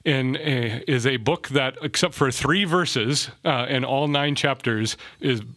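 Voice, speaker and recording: A man's voice: medium pitch, measured pace, bright, forceful tone, no room sound. A man co-hosting a pastors' podcast, chatting casually, joking and repeating words as he starts.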